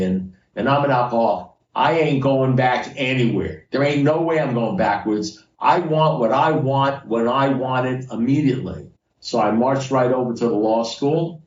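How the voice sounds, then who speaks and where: A man's voice: mid-range voice, moderate pace, darkish tone. A middle-aged man telling his story at a recovery meeting, casual and conversational, repeating phrases for emphasis. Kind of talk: personal share at a recovery meeting. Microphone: video call. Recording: roomy, distant, dull video call audio.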